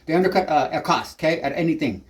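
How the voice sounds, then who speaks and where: A tenant films a neighbor on a handheld camera while angrily ranting in a vlog, swearing constantly and rambling from point to point. His voice is fairly high, expressive and quick, and he sounds agitated.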